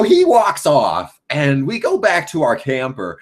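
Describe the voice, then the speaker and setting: A man's voice: a little high, huge pitch swings, measured pace, few pauses. A young man in his late teens hosting a casual live Q&A as a gaming YouTuber. He rambles with lots of ums and swears freely.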